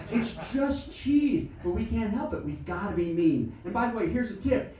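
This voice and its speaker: A middle-aged American man doing stand-up comedy on a small theatre stage, talking in an animated, exaggerated way and acting out characters. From United States. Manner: animated, exaggerated, acts out shrill voices. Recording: echoey room mic'd from a distance. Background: audience laughter.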